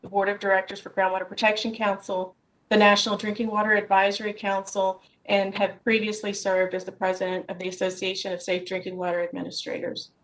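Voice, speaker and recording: In a low-quality, rough recording, a woman with a mid-range, monotone voice delivers a prepared statement to a Senate hearing. She reads in a measured way over a video call from her office.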